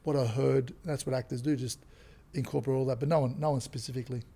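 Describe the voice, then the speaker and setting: An Australian man, a comedian and actor, chatting as a podcast guest and telling animated stories. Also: medium pitch, fast, vocal fry. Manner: animated storyteller who acts out quotes. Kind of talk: casual interview chat.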